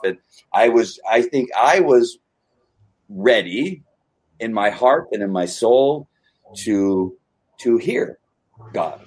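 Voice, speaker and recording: Lowish-voiced guy telling his story, earnest and halting, lots of restarts. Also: darkish tone. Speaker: podcast host. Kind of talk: personal testimony in casual conversation.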